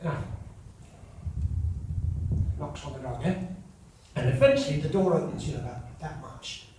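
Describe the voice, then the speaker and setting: Older English comedian, high-pitched, chatty asides to the crowd, recorded far off in an echoey hall. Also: male voice, sing-song, moderate pace, noisy background. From England. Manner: chatty, teasing asides to the audience. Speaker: comedian and after-dinner speaker. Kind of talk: stand-up storytelling.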